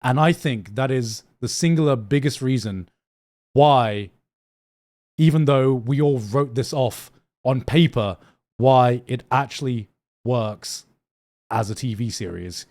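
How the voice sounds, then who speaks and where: A young man chatting casually on a live stream, excitable, swearing freely and often repeating himself as he reacts. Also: medium pitch, slow. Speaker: streamer reacting to anime news.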